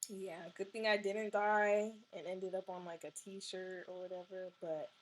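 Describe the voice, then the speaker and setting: Animated young woman telling a story. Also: medium pitch, measured pace. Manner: animated, fillers like "like" and "you know", swears casually. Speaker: vlogger. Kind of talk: casual storytelling.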